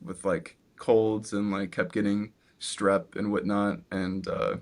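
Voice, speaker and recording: A man in his twenties, a guest guitarist in a casual interview, talking in a relaxed, rambling way with lots of "like". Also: lowish voice, slow. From Virginia, US. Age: 20s. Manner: relaxed, rambling with many "like" fillers.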